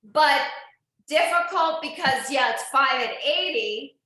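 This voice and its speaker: An animated woman with a high, bright, forceful voice speaks slowly as she coaches a live online indoor cycling class. She checks in on each rider by name and keeps encouraging them. The recording has heavy room echo.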